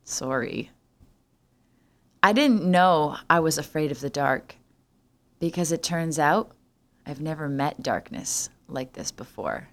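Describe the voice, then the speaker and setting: A young adult woman from Canada hosts her own podcast with a dry, sarcastic bite and plenty of swearing. Her fairly low voice swoops up and down as she tells her stories, and she drops in jokey asides along the way. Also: a bit bright. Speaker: podcast host. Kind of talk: solo podcast monologue.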